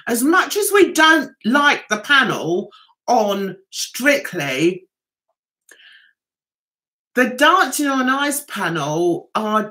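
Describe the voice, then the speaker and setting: A woman's voice: on the high side, bright, forceful tone, low-quality recording. A woman hosting a casual livestream, chatting with viewers, greeting them by name and giving forthright opinions. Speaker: livestream host.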